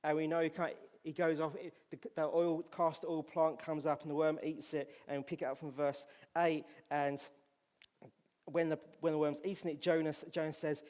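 A man with a Scottish accent preaching a sermon in church, reading scripture aloud and swinging from loud to hushed. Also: a little high, level tone, normal speed, in a large hall. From Scotland.

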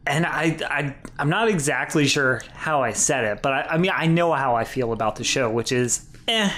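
A man's voice: mid-range voice, expressive, moderate pace, fairly bright tone, a little hiss or hum. A man co-hosting a podcast, talking casually and hesitantly with frequent restarts and chuckles. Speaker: podcast co-host. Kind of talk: casual chat.

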